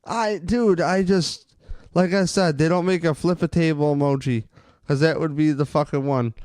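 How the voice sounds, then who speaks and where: A young man co-hosting a casual sports podcast, ranting excitably and swearing a lot. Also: fairly high pitch, moderate pace, smooth, no echo, studio quality. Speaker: podcast co-host.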